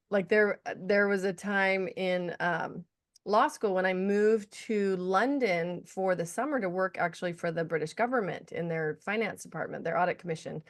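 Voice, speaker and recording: A woman hosting a podcast, telling stories in an enthusiastic, animated way. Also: medium pitch. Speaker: podcast host. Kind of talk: casual interview talk.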